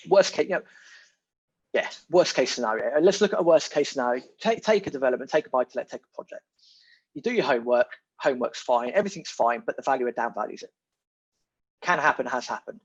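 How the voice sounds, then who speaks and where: Man, husky voice, muffled lo-fi audio, emphatic casual chat. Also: mid-range voice. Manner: animated, emphatic, repeats key words. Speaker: podcast guest. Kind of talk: casual conversation.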